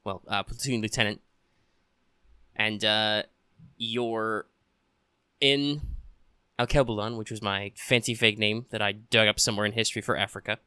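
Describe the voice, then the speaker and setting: A man's voice: on the low side, normal speed, pauses often, clean tone, no echo, clean studio sound. A man running a tabletop game as game master, casual and joking, with frequent fillers. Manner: relaxed and joking, with many fillers.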